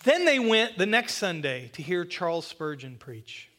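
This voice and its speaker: A man preaching a sermon as pastor, earnest, with slowed emphatic phrases and a touch of self-deprecating humor. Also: high voice, big pitch swings, bright, forceful tone. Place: church sanctuary.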